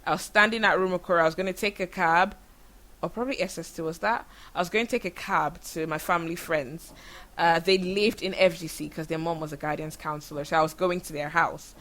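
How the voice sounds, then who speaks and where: Chatty Nigerian woman with a bright voice. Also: lowish voice, a little fast. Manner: chatty, animated, uses many fillers. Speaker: podcast host. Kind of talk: casual storytelling monologue.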